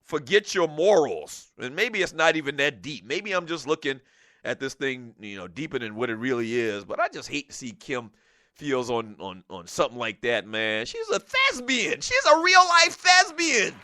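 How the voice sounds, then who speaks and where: A man hosting a call-in sports talk show, talking in an animated, casual way, laughing often and dropping "man" into his sentences. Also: medium pitch, moderate pace, dry recording, studio quality.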